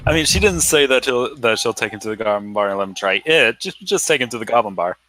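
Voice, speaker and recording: A man playing a tabletop game, speaking in a halting, stammering way. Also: mid-range voice, lively intonation, bright, forceful tone, slight background noise, low-quality recording. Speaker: player. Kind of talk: casual tabletop play.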